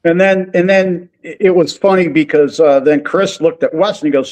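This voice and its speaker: A man who backs race teams tells a story in casual radio chat, his voice sitting high at a moderate pace on a low-quality recording. He's animated, quoting others and acting out their words.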